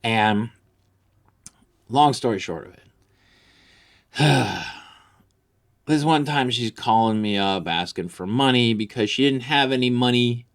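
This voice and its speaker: A man's voice: medium pitch, slow, pauses often. A man ranting crudely about an ex, boastful, vulgar and rambling, as a comedy vlogger.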